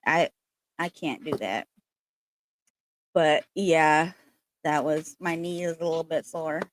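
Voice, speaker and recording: A woman's voice: low-pitched, slow, dry recording. A woman hosting a casual spiritual livestream, chatting in a rambling way full of fillers, recorded on a laptop.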